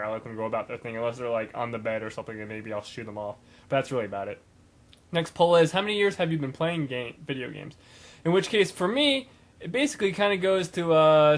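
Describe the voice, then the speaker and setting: A young man talking in a casual, rambling video blog, full of fillers and restarts. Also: medium pitch. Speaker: gaming vlogger.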